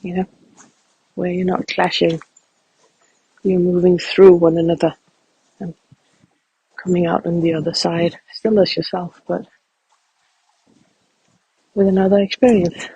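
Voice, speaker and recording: A man speaking softly and reflectively as he guides a walking meditation outdoors in a field. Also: sits high, a little slow, long pauses, husky, no echo, muffled recording. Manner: calm, reflective, soft-spoken.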